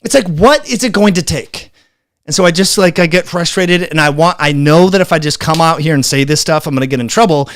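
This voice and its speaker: A man hosting a health channel, giving an exasperated, halting rant that trails off. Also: fairly high pitch, no room sound. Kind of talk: frustrated video rant.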